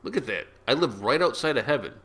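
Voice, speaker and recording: A man chatting loosely on camera in a small room, his voice bright and forceful and swinging all over the place. He jokes, rambles and every so often breaks into excited yells. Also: mid-range voice, quick pace, slightly rough. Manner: joking, excitable, bursts into shouts. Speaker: reaction video host. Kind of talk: casual rambling commentary. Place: small room with yellow walls.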